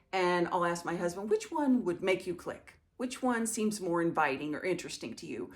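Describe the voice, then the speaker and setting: A middle-aged woman who hosts a home organizing channel, chatting casually and reassuringly through viewer questions. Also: fairly low pitch. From small town. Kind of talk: casual Q&A talk to camera.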